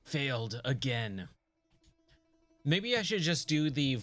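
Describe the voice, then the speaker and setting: A man's voice: mid-range voice, big pitch swings, slow pace, fairly bright tone, no room sound, soft background music. A man streaming a video game, chatting and joking to himself and his viewers as he plays. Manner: chatty, joking, talks to himself while playing. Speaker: gaming streamer. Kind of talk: casual let's-play commentary.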